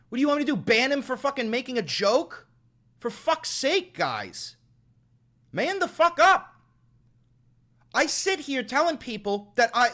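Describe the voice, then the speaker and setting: A man's voice: very high voice, sharp tone. A man live streaming, scolding his chat in a profane, exasperated rant.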